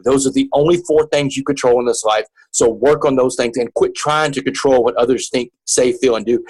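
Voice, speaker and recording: A man with a slightly husky, breathy voice, speaking as an interview guest. He talks earnestly and at an ordinary pitch, often doubling back and repeating words as he goes. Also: rough recording. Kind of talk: earnest personal storytelling.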